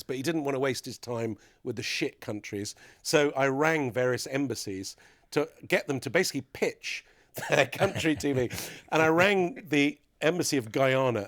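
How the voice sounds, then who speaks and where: A man's voice: mid-range voice, dry recording, clean studio sound. A middle-aged man, a podcast guest, telling mischievous stories in casual chat and laughing often.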